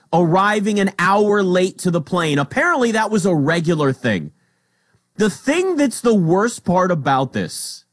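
A man hosting a sports talk show, arguing with emphatic swings between loud emphasis and quick asides. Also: a little high, no echo, clean studio sound.

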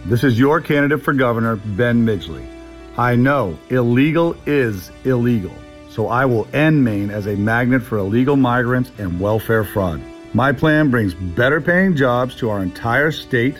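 A man's voice: medium pitch, lively intonation, normal speed, faint music behind. A man, a candidate for office, speaking firmly and assertively in a campaign ad. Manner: firm, assertive delivery. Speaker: political candidate. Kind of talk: campaign ad speech.

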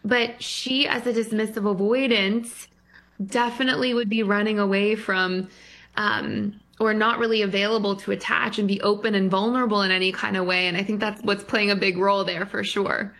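A woman's voice: mid-range voice, fairly even intonation, normal speed, fairly bright tone. A woman therapist on a radio call-in show, explaining her method and laughing easily. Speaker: guest therapist.

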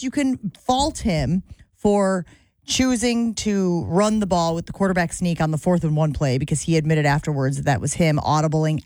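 Low-voiced woman hosting sports talk radio. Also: a little mellow, dry recording. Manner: conversational, takes calls, reads stats.

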